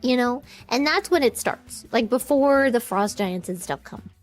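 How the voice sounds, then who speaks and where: A woman's voice: on the high side, lively intonation, a little slow, soft background music. A woman streamer telling a story in a casual, rambling way, often giggling and restarting her sentences.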